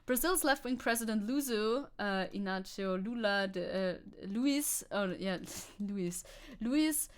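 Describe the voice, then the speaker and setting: A woman's voice: medium pitch, slow, smooth. A woman streamer from Germany, reading the news aloud and reacting in a giggly, sarcastic way, swearing freely. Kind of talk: casual reaction commentary.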